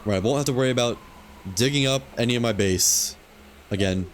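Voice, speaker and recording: A man's voice: mid-range voice, fairly quick, a little hiss or hum. A man streaming a video game, casually talking himself through what he is doing on screen, muttering and thinking aloud. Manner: relaxed, muttering to himself while playing. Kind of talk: casual gameplay commentary.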